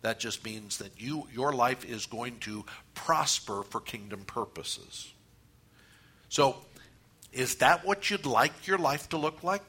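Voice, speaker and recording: A man preaching a sermon, animated, with repeated phrases and pauses. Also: mid-range voice, husky. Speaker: pastor.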